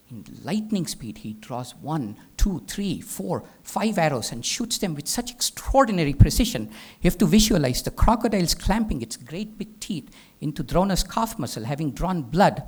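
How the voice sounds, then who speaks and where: A man giving a spiritual talk as a teacher, telling a legend as an animated storyteller who drops into hushed whispers. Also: a little high. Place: live talk venue.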